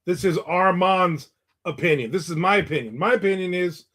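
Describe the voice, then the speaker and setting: A man's voice: high voice, moderate pace, a bit bright. Sarcastic man in his fifties. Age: 50s. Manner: sarcastic, rambling, laughs often. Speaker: livestream host. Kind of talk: casual chat reading viewer comments.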